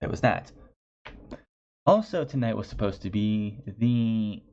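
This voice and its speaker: A man's voice: lowish voice, animated, unhurried, a little mellow. A man reviewing a wrestling show in a chatty, sarcastic way, often restarting his phrases. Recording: dull lo-fi recording.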